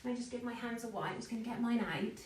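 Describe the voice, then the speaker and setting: A woman's voice: on the high side, fast, far from the mic, a little hiss or hum. A woman teaching children a live online baking class, chatting and encouraging, greeting viewers by name. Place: home kitchen. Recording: echoey kitchen, away from the mic.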